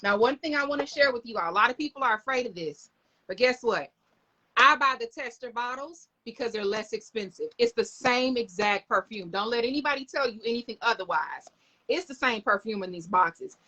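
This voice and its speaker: Bright-voiced chatty woman. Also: a little high, lively intonation, brisk. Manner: chatty, enthusiastic, addresses viewers directly. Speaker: live stream host. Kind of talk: casual live-stream show-and-tell. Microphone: phone camera.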